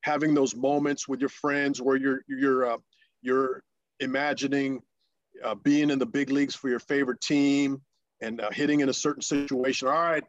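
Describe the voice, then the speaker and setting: Halting, storytelling man in a dry room. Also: medium pitch, dry recording, dull audio. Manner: halting, many fillers and restarts, excited quoted voices. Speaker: interview guest, former pro pitcher. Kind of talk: storytelling interview.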